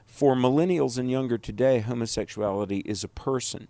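A man co-hosts a radio talk show and states his views in a firm, declarative way. His mid-pitched voice sounds dry and close. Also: a little fast, mellow, no room sound. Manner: firm, declarative, interjects agreement. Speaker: radio co-host.

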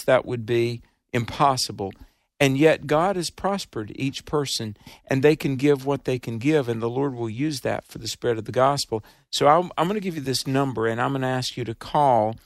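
Earnest Southern man pitching on radio. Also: dry recording, studio quality. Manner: earnest, emphatic, preacherly. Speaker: radio ministry host. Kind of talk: fundraising radio talk.

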